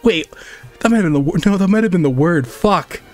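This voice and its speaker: Young male art streamer, high lively voice, self-mocking and profane, faint music under. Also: brisk. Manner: joking, self-mocking, swears a lot; mocks chat in high squeaky voices. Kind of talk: casual livestream chat.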